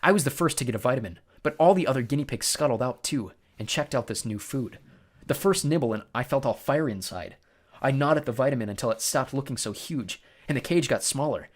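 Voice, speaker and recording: Animated male storybook narrator. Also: mid-range voice. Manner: animated first-person narration.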